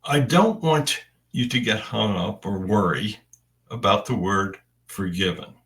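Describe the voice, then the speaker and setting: Slow, halting, and deliberate, a man shares a spiritual message in his own voice, leaving long pauses between phrases at a very unhurried pace. His voice is fairly low with vocal fry and a fairly bright tone. The mic sits a bit far from him.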